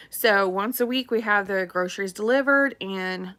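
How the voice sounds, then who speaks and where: A woman's voice: mid-range voice, moderate pace, sharp tone. A middle-aged woman, a real estate agent chatting casually on a live stream, rambling and laughing often.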